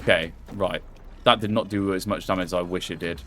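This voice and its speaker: A man giving excitable, swear-laden live gameplay commentary, talking to himself and to the game character as he fights. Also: sits low, brisk, a little hiss or hum. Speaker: gameplay streamer.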